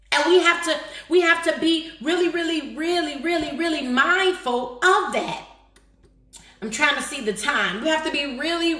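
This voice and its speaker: A woman preaching a live-streamed motivational sermon. She is emphatic, swinging from shouted lines to slow, low, drawn-out stresses, and repeats key phrases for emphasis. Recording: echoey room.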